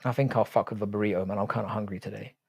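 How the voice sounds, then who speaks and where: A man's voice: lowish voice, fairly even intonation, racing, gravelly, slightly rough, no echo, clean studio sound. A man hosting a live stream in casual chat, swearing freely and bantering with his viewers.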